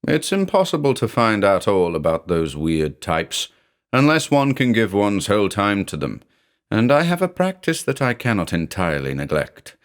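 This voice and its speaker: A man reading a classic horror story aloud in first person, measured and dry in his delivery. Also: on the low side, fairly bright tone. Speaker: narrator.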